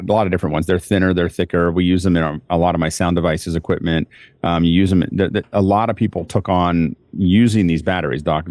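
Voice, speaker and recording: Deep-voiced man rambling about gear. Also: darkish tone, no room sound. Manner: rambling, many restarts. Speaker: podcast panelist. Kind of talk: casual tech chat.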